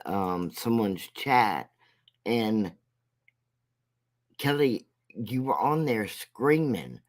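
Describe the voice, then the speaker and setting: A man with a fairly low voice talks very slowly through a casual commentary rant. He rambles and mocks, stopping and restarting his sentences as he goes. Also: darkish tone. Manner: slow, rambling and mocking, with halting restarts. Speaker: commentary vlogger.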